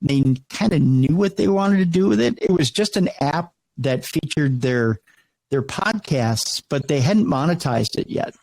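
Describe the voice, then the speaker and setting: A middle-aged radio host talks in a loose, rambling way, often restarting his sentences and slipping into the voices of the people in his story. His voice sits a little high for a man, and the sound is close and dry. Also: unhurried, vocal fry, no room sound, low-quality recording. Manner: animated, many restarts, acts out quoted voices. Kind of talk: casual interview storytelling.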